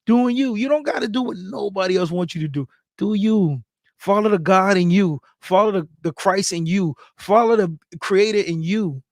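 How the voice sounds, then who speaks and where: Man, high voice, dry close sound, hyped shout-outs, speech, casual livestream host. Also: normal speed, no echo. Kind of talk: casual livestream chat reading viewer comments.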